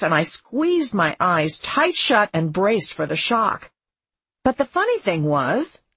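A woman's voice: medium pitch, husky, no room sound, pitched above the performer's own voice, heavily acted. A woman narrator voicing a sardonic, languid young woman who speaks in a dry, bored, sarcastic way.

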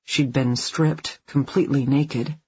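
An audiobook narrator reading a dark thriller with tense, measured storytelling. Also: mid-range voice, steady tone, slightly rough. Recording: dull lo-fi recording.

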